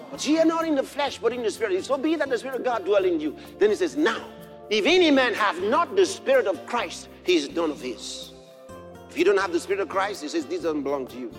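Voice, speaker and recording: A man with a high voice preaches a sermon built around a personal story. His animated delivery swings between hushed passages and shouted exclamations.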